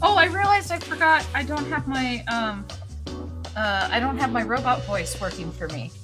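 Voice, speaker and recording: A woman hosting a stream while drawing, upbeat and a little halting. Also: sits high, expressive. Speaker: stream host and artist. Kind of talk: casual chat. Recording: faint background music.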